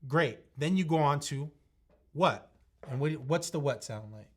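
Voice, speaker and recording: A man's voice: fairly high pitch, lively intonation, measured pace. A man in his thirties co-teaching a sales lesson, emphatic and laying out points step by step. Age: 30s. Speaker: sales trainer. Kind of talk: coaching talk.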